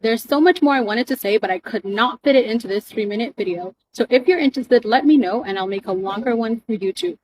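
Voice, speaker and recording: A woman from the Caribbean, a content creator speaking to camera in an earnest, measured way. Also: on the high side, darkish tone, slight background noise, poor audio. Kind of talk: earnest direct-to-camera commentary.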